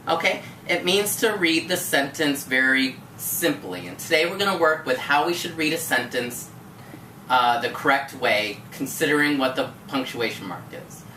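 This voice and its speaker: Brief: low-pitched, bright-voiced woman teacher, patient and encouraging, recorded from across an echoey room. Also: normal speed. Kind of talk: one-on-one tutoring lesson. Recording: echoey room from far off, faint noise.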